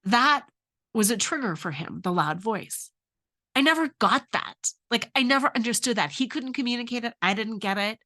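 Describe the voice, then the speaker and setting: A woman's voice: on the high side, animated, normal speed, pushed and bright. Middle-aged woman coach, earnest, lots of questions, sharing her own marriage story. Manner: earnest, asks many questions. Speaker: relationship coach. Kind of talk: advice talk with personal story.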